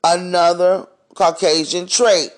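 A man's voice: high-pitched, little pitch movement, slow pace. A man hosting a podcast, speaking in a blunt, profane, heated monologue rant. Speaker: podcast host. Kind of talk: ranting monologue.

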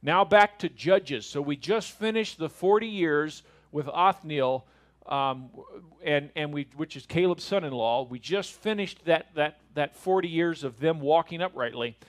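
A middle-aged man teaches a Bible lesson. He is conversational and often asks rhetorical questions. His voice sits a little high for a man. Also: measured pace.

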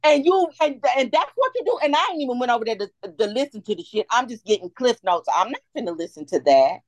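Woman guest, raised pitch, heated profane ranting, dry close sound. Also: very animated, fast talker, no room sound. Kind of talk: casual chat.

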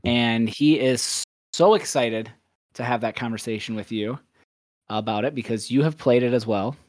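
A man's voice: mid-range voice, normal speed, darkish tone, no room sound, studio quality. A young man hosting a podcast in casual chat, rambling and upbeat, often correcting himself. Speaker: podcast host.

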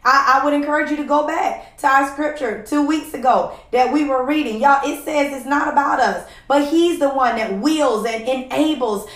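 A woman's voice: sits high, normal speed, few pauses, roomy sound. A woman hosting a devotional podcast, preaching in a heartfelt, emotional way, close to tears and calling out "y'all" to her listeners. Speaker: podcast host.

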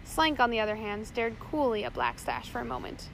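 A woman's voice: a little high, sing-song, fairly quick, fairly bright tone, a little hiss or hum, poor audio. A woman narrating a chapter of a storybook aloud, reading steadily with small slips. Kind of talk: audiobook reading.

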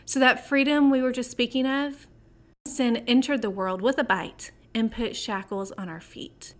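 A woman hosting a Bible teaching podcast, reading a scripted devotional lesson with conversational asides and slow, dramatic emphasis. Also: fairly high pitch.

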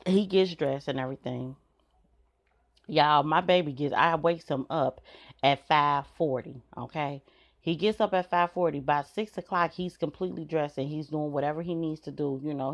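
A middle-aged woman speaks in a low voice with lively intonation at a moderate pace, hosting a podcast. She tells candid stories in a blunt monologue, cursing often and laughing between points.

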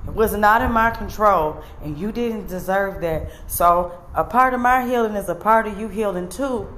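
A woman giving an earnest, emotional confessional monologue to camera, speaking bluntly and sometimes swearing. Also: medium pitch. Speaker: vlogger.

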